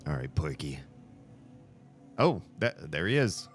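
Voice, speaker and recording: A man hosting a video game playthrough, chatting along in an animated way and laughing often. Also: extremely low pitch, slow pace. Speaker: let's play host. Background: faint game music.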